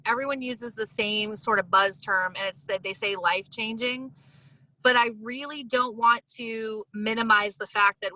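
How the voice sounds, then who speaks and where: A woman hosting a casual interview chat, talking in an emotional, enthusiastic and expressive way. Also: medium pitch, no room sound, poor audio. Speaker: podcast host.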